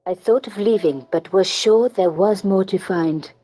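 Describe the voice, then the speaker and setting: A woman's voice: mid-range voice, a little slow, warm tone, faint music behind, close to an everyday voice, rough recording. A woman voicing a young female game heroine, narrating with dry, sardonic asides.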